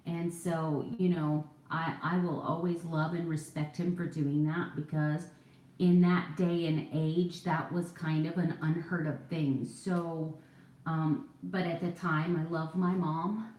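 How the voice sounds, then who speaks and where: A woman's voice: deep voice, little pitch movement, slow pace, darkish tone, roomy sound, poor audio. A woman in her forties chatting casually while doing her makeup at home, rambling and poking fun at herself. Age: 40s. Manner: chatty, rambling, self-deprecating. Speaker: vlogger. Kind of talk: casual get-ready-with-me chat.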